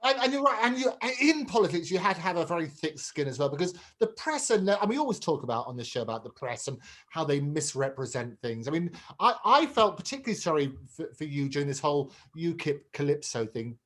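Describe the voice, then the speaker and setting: A man's voice: fairly high pitch, sing-song, fairly quick, a bit bright. A man hosting an interview, leading in with sympathetic questions. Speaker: show host.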